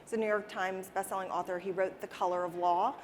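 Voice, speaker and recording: A woman's voice: medium pitch, steady tone, fast talker, a little hiss or hum. A woman answering interview questions in an earnest, conversational way, often repeating words as she restarts a thought. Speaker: interview guest, interior designer. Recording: reverberant hall with faint ambience.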